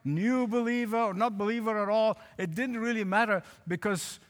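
Man, pastor, emphatic sermon, repeats for stress, high-pitched, reverberant church hall. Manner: emphatic, with repeated phrases and slow stressed lines.

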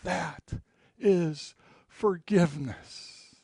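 A man preaching a sermon as pastor, swinging between loud emphatic lines and hushed, low passages. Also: very slow, vocal fry, breathy edge, dry recording, clean studio sound.

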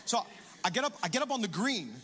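High, bright-voiced man preaching in a reverberant hall. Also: quick pace, slight background noise. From Hialeah, Florida. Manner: dynamic, animated preaching with congregation call-and-response. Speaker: pastor. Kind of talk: sermon. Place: large church auditorium. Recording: long hall reverb with faint music.

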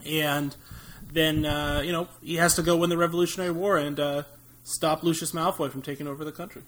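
A young American man talks movies on a casual podcast, rambling through jokey asides. His voice sits a little high, and he laughs often as he goes. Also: steady tone, brisk, fairly bright tone. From United States. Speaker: podcast co-host.

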